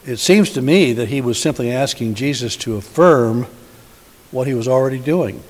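A man's voice: mid-range voice, moderate pace. A man giving a sermon as a pastor, asking the congregation many rhetorical questions in a conversational way. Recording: hissy recording in a reverberant hall.

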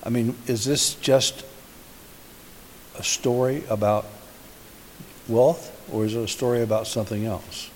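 A man's voice: medium pitch, fairly even intonation, measured pace, pauses often. Male pastor, conversational questioning sermon, long hall reverb, faint hiss. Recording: hissy recording in a reverberant hall.

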